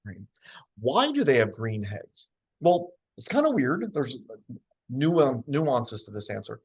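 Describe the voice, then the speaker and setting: A man's voice: medium pitch, very animated, slow, breathy edge. Talky birding guy, lots of ums and asides, dull lo-fi recording. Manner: chatty, many fillers and asides. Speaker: birding lecturer. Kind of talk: casual slide talk on birds. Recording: dull lo-fi sound.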